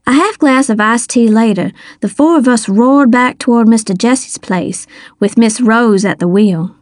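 A woman reading a first-person audiobook with a folksy, wry delivery. Her voice sits fairly high and she takes her time, recorded close and dry. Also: a little slow, dry recording. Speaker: audiobook narrator.

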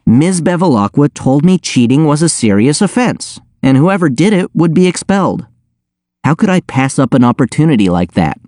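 A man's voice: fairly high pitch, big pitch swings, moderate pace, darkish tone, no echo, clean studio sound, pitched above the performer's own voice. A man reading aloud, voicing a cheerful, smug teenage boy genius in a breezy, matter-of-fact way.

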